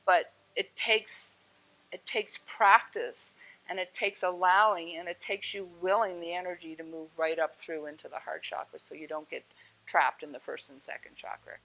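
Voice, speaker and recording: A woman's voice: fairly low pitch, fairly even intonation, moderate pace, pushed and bright, poor audio. A woman giving a spiritual teaching talk, earnest and emphatic, repeating phrases for stress.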